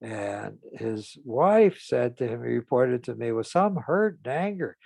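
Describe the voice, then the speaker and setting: A man, a therapist, telling an unhurried story about a case from his practice. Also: mid-range voice, big pitch swings, vocal fry, a little mellow, no echo. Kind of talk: storytelling talk.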